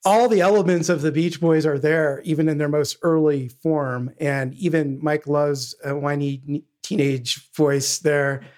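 A man's voice: a little high, fairly even intonation, measured pace, few pauses, darkish tone. A man co-hosting a podcast, guiding the talk through a band's history and introducing songs. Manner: steers the episode, introduces songs. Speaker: podcast co-host. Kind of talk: casual music discussion.

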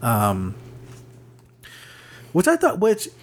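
A man's voice: a little high, wildly swooping pitch, very slow, slight background noise. Rambling man reading notes on a podcast. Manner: rambling, many fillers and restarts, reads notes aloud. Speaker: podcast co-host. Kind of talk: casual chat.

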